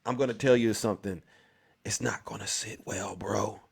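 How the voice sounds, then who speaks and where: A man hosting a livestream political debate, animated and lecturing, repeating a guest's name. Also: fairly low pitch, normal speed, gravelly, breathy edge. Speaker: livestream host.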